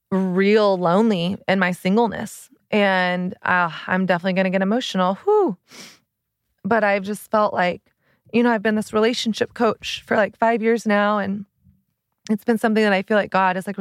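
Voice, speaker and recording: Thirties woman, podcast host, candid confessional talk, mid-pitched, dry recording. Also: no room sound. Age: 30s. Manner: earnest, open, many "like" fillers. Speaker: podcast host and relationship coach.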